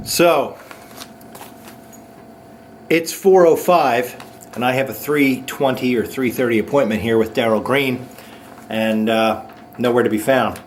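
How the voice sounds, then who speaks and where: A man hosting his own comedy show, ranting sarcastically with quick mocking asides. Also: medium pitch, slight background noise. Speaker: host. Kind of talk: sarcastic comic monologue.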